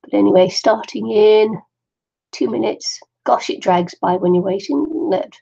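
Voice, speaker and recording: Middle-aged lady chatting on her craft stream, bit gravelly, dull lo-fi audio. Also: medium pitch, fairly even intonation, normal speed, warm tone. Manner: chatty, laughs often, talks to herself. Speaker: craft livestream host. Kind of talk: chatty live stream while waiting for viewers.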